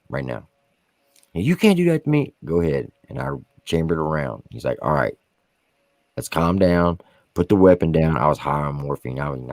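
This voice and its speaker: A man with an extremely deep, low voice, recorded close and dry with no room sound. He tells war stories in a casual, profane, vivid way, like a veteran guest on a podcast. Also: warm tone, no echo. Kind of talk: casual storytelling.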